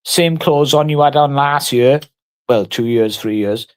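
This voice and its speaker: A man's voice: mid-range voice, measured pace, clear, resonant tone. A man on a casual livestream, taunting and mock-threatening someone in crude, heavily sworn banter.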